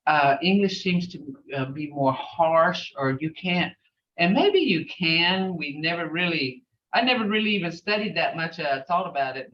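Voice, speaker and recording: A woman's voice: sits low, a bit bright, far from the mic, lo-fi sound, a little hiss or hum. A woman teaching a language class online, rambling with many fillers and repeating phrases.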